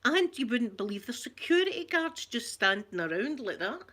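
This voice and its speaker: Chatty Scottish woman, soft ASMR talk. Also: fairly high pitch, very animated, normal speed. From Scotland. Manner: chatty storytelling, local words like wee and yous. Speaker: ASMR creator. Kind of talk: soft-spoken ASMR chat.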